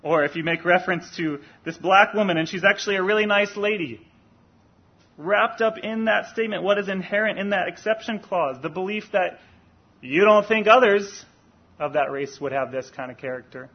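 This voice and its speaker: A man delivers a sermon in a fairly high, husky voice. He speaks earnestly and deliberately and lifts his voice to stress key points. The recording sounds dull and lo-fi. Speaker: preacher.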